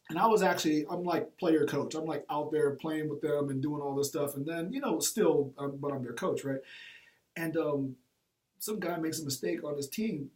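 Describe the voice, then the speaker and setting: A man with a fairly high voice tells a personal story in an animated, slangy way, acting out what people said. He sits back from the mic, so he sounds distant. The room is roomy and echoey. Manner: animated, colloquial, reenacts quotes, laughs at own story. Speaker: teacher and former football coach.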